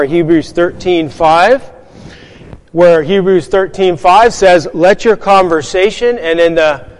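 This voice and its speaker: A man's voice: sits high, long reverb tail, poor audio. A man preaching a sermon, earnest and emphatic, putting rhetorical questions to his congregation.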